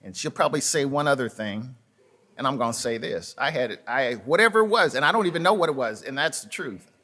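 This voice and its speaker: A man's voice: mid-range voice, expressive, a little fast, sharp tone. A man preaching a sermon as pastor, telling folksy stories with asides to the congregation, often repeating words and restarting. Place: church sanctuary.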